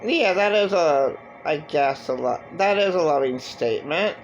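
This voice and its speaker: A man giving a halting, rambling personal monologue with many fillers and restarts. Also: fairly high pitch, animated, highs cut off. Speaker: vlogger.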